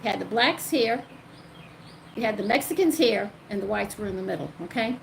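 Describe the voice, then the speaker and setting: An older grandmother telling the story of her own life, animated and emotional. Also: medium pitch, brisk, vocal fry, a little hiss or hum, low-quality recording. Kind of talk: personal storytelling.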